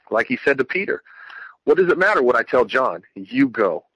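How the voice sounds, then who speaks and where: A man recounting a personal religious testimony in an earnest, rambling way, often restarting his sentences. His voice is bright and forward, and the recording is dry and close with no room sound. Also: medium pitch, big pitch swings, a little fast, breathy edge, dry recording, poor audio. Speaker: Christian speaker sharing testimony.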